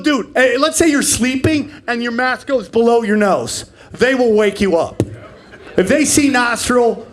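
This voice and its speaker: A man in his forties doing live stand-up comedy, brash and profane, bursting into shouted voices. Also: extremely high pitch. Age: 40s. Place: comedy stage before a laughing audience.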